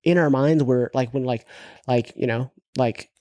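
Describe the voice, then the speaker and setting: A man's voice: medium pitch, unhurried, mellow, dry recording. A man co-hosting a podcast and chatting casually about a movie, rambling and full of fillers and restarts. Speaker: podcast co-host.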